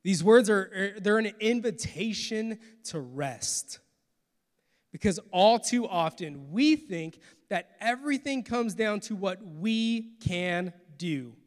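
A man preaching a sermon as pastor, earnest, moving between soft, quiet passages and forceful, loud ones. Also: high-pitched, animated, slow pace. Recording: long hall reverb.

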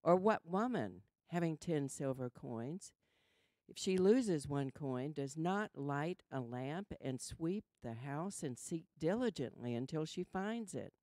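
A woman's voice: sits low, expressive, darkish tone, no room sound. A woman with a Southern US accent reading a Bible passage aloud in church. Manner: slow, measured reading. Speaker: scripture reader.

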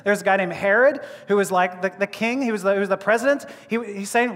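A man's voice: high voice, quick pace, few pauses, a bit bright. A male preacher giving a sermon, joking and laughing as he talks, often restarting his words. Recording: long reverb of a large hall.

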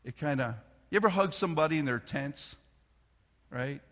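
A middle-aged man preaching a sermon as a pastor, telling a family story in a loose conversational way with restarts, sometimes dropping to a soft near-whisper. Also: fairly high pitch, lively intonation, normal speed. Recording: long reverb of a large hall.

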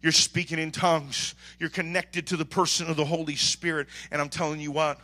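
A man preaching a sermon as pastor, swinging between quiet talk and shouted calls to the congregation. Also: a little high, flat delivery, a little fast. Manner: preaches with sudden shouts and call-and-response.

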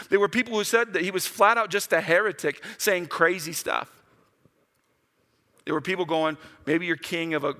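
A man preaching a sermon, talking casually and acting out the quotes with big swings in his voice. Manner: animated, acts out quotes with big pitch jumps. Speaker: pastor. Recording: long hall reverb.

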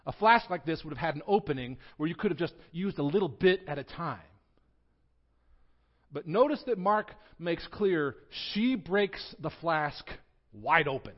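Expressive man preaching a sermon. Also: fairly high pitch, measured pace. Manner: expressive preaching, swings from quiet to loud. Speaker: pastor. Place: church sanctuary. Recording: dull lo-fi sound.

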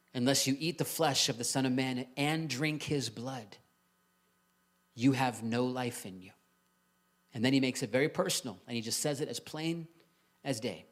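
A man, a pastor, preaching a sermon in a church, talking conversationally and asking the congregation rhetorical questions. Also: mid-range voice.

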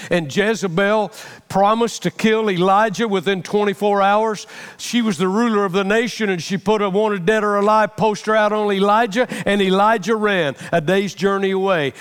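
A man's voice: high voice, in a large hall. A middle-aged man preaching a sermon with passion, repeating phrases for emphasis. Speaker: pastor.

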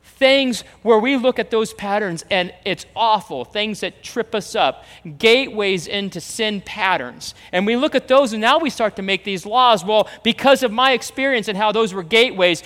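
A man's voice: sits high, normal speed, few pauses, a bit bright. A man preaching a sermon as pastor, emphatic, repeating phrases and acting out the voices he quotes. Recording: reverberant hall, long echo.

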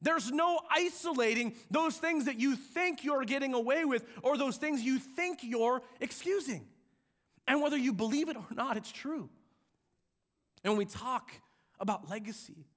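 A man preaching a sermon in a church, conversational and animated, acting out quotes as he goes. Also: extremely high pitch, moderate pace. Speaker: pastor. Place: church sanctuary with a balcony.

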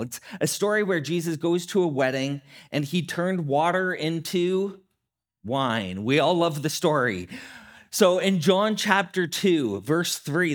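A pastor in his thirties preaches in a lively, swooping voice that sits a little higher than most men's. His sermon is animated and conversational, and he acts out short quotes along the way.

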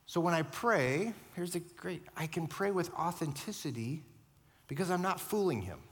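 A man's voice: on the high side, animated, normal speed, a bit bright, in a large hall. A man preaching a sermon as pastor, earnest and conversational, often checking in with his listeners.

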